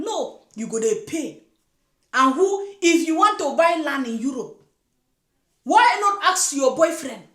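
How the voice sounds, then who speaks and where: A woman's voice: high voice, reverberant. A woman giving a scolding, preachy reaction commentary. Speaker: commentary vlogger. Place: lives in Germany.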